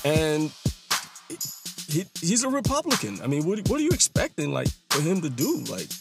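Man from New York, high voice, casual rambling monologue with rhetorical questions, music bed underneath. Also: wildly swooping pitch, moderate pace, creaky. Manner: rambling, restarts a lot, sing-song emphasis. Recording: hip hop music playing behind.

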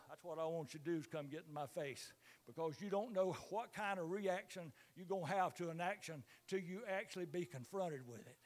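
An older man preaches in a church, his voice sitting very high for a man. He drops to low murmurs, then rises into loud, fervent calls to the congregation. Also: fairly quick. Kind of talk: sermon.

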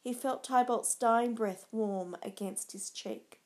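Slow, measured woman storyteller. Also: on the high side, fairly even intonation, darkish tone. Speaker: narrator. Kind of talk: storybook narration.

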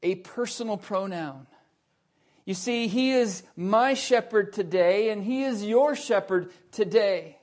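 Slightly high-pitched guy preaching a sermon, drawn out and emphatic, loud bits then hushed. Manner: emphatic, swings from loud stresses to hushed low lines; slow and deliberate, drawn-out key words.

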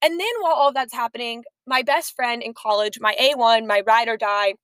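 A young woman co-hosting a podcast, telling stories in a chatty, animated way. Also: on the high side, a little fast. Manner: chatty, storytelling, animated asides. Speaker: podcast co-host. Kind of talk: casual chat.

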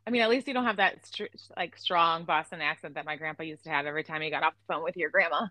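A woman from Illinois hosting a casual podcast chat, chatty and quick to laugh, with lots of fillers. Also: low voice, sharp tone, no room sound, rough recording. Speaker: podcast host.

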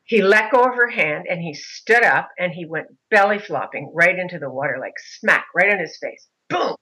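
A middle-aged woman, a mother of a son with a disability, telling her story in an interview in an animated way. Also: on the low side, moderate pace, husky, poor audio. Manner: animated, mimics other voices in anecdotes.

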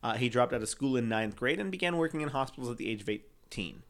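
A man's voice: medium pitch, lively intonation, fast. A man co-hosting a casual true-crime podcast, rambling through the story and swearing freely. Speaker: podcast co-host.

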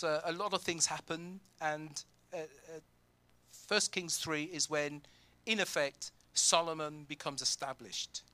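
A pastor preaching a sermon, reading scripture aloud and acting out imagined prayers with plenty of pauses and fillers. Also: male voice, sits high, sharp tone, smooth, no echo. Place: church.

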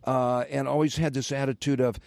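A man's voice: medium pitch, level tone, a little fast, vocal fry, darkish tone, dry recording. An older man and former radio host, telling rambling stories in casual podcast chat with many fillers.

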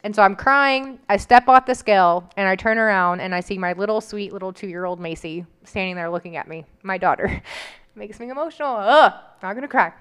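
A woman's voice: medium pitch, normal speed, a bit bright, clear, resonant tone. A woman telling a personal story in casual chat, candid and emotional, with frequent "like" fillers.

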